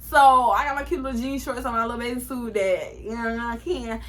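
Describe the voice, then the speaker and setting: A woman in her twenties telling a storytime in a casual, animated, profane way, acting out what people said. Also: a little high, fairly quick. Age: 20s. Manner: animated, profane, acts out quotes. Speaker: vlogger.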